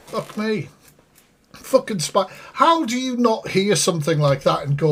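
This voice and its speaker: Streamer, fairly high voice, blunt and sweary, talks straight to his chat. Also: expressive, moderate pace, fairly bright tone. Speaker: streamer reacting to a live stream. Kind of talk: live reaction commentary.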